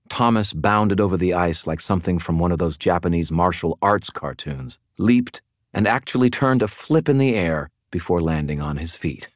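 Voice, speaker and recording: A man narrates a first-person audiobook with a deep, low voice. His telling is dramatic and wry. The recording is close and dry. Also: dry recording.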